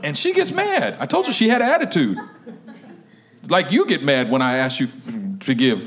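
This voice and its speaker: Man pastor, high voice, very lively, humorous sermon, laughing as he preaches. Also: normal speed. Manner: humorous, laughing, animated storytelling.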